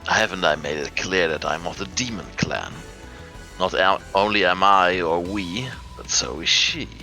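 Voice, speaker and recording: A man's voice: sits low, unhurried, sharp tone, faint music behind, exaggerated voice. A man voicing an arrogant male demon swordsman from a visual novel, cold and threatening. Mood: haughty. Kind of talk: voice acting a visual novel aloud.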